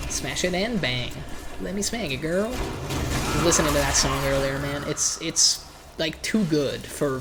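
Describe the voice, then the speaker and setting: A man's voice: a little high, noisy background. A man talks through a video game he is streaming live, loose and irreverent. His thoughts come in bursts, and he doubles back on a word before pressing on. The tone stays offhand and conversational. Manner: loose, irreverent, often repeating words as he restarts. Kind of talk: live gameplay commentary.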